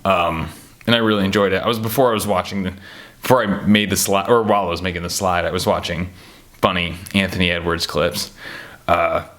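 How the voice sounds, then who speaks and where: A young American man chatting casually about basketball players, rambling and animated, laughing at his own stories. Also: sits low, a little fast. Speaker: basketball commentator. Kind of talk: casual chat.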